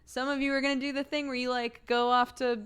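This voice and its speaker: A woman's voice: high-pitched, flat delivery, fast, a bit bright, clear, resonant tone. A woman streamer with a sore throat, chatting casually with her audience, giggly and swearing freely.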